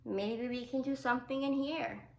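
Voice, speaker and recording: A woman's voice: fairly high pitch, steady tone, moderate pace, creaky, a little mellow. A woman reading the part of a stubborn, upset little boy in a sulky, pleading way. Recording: echoey room.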